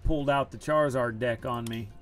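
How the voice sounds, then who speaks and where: A man's voice: medium pitch, steady tone, a little fast, over music. A man live-streaming an online card game from home, chatting casually and groaning about his bad luck.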